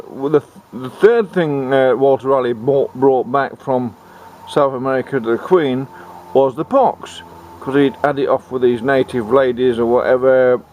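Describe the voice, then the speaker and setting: Man, comic storyteller, rambling, halting, mid pitch. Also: a little mellow, a little hiss or hum. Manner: rambling, halting, restarts sentences.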